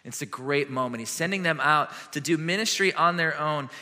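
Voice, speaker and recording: A middle-aged man preaching a sermon as a pastor, telling stories with lively swings between loud and hushed. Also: a little high. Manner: animated storytelling with quick shifts from loud to hushed. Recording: long hall reverb.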